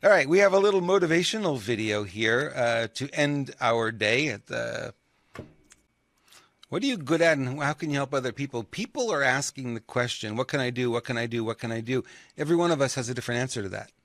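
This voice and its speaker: A man's voice: medium pitch, brisk, fairly bright tone, no room sound. Male co-host, close dry sound, chatty and agreeable, laughs easily. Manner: affirms a lot, laughs at his own jokes, acts out dialogue when reading. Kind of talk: political talk show chat.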